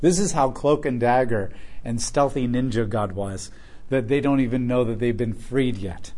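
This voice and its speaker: A man's voice: medium pitch, moderate pace, a little mellow. A man reading a Bible passage aloud and stopping to explain it in casual, joking asides. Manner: reads scripture aloud, then comments casually with humor. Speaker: Bible teacher.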